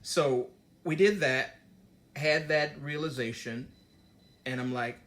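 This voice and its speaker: Bright-voiced man telling a workplace story. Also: mid-range voice, takes it slowly, long pauses. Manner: storytelling, animated, digresses and acts out dialogue. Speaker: host giving business advice. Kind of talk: casual motivational talk to camera.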